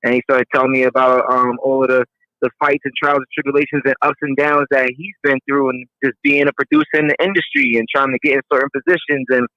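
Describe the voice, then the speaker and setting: A man telling a personal story in a relaxed, slangy way with many fillers. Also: mid-range voice, fast talker, dry recording. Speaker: interviewee. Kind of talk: casual storytelling. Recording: dull, dry lo-fi audio.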